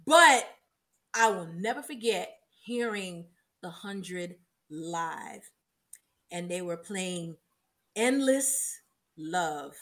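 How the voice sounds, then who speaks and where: A woman from South Florida, co-hosting a podcast and reminiscing in casual chat, animated and quick to laugh as she acts out old quotes. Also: fairly low pitch. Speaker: podcast co-host.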